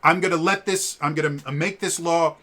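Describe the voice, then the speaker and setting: A man voicing a decisive president who announces what will happen, in a brisk, loud voice. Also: on the high side, fairly even intonation. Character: decisive male president giving orders.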